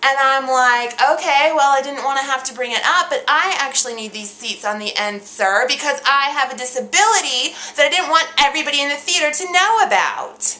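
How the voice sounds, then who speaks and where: A self-important young actress rants with big, projected, crisply over-enunciated delivery, as a woman plays her for a comedy video. Her voice is bright and forceful, pitched a bit high. She treats every small grievance as a grand injustice. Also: unhurried, reverberant. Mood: indignant rant. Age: young adult. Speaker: comic video diarist. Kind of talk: scripted comedy character monologue.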